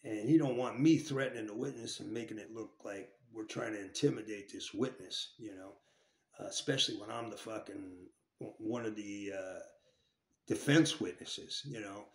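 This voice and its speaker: In a reverberant recording, a man with a lowish voice casually describes something from his jail days at a normal pace. He curses freely and often breaks off to restart his sentences.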